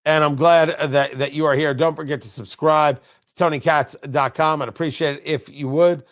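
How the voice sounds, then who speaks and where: High-voiced sarcastic male radio host. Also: steady tone, normal speed, few pauses, fairly bright tone. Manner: sarcastic, riffing asides. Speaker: radio talk show host. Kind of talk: opinionated political commentary. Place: radio studio.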